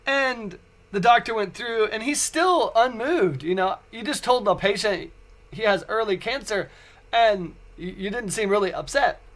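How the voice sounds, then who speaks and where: A man in his forties, a podcast host, telling a personal story in a casual, animated way with frequent stumbling restarts. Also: sits high, a little slow. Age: 40s.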